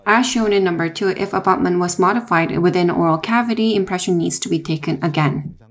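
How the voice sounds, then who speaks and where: Measured woman narrating a dental lesson. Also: lowish voice. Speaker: dental lecturer. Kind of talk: scripted technical narration.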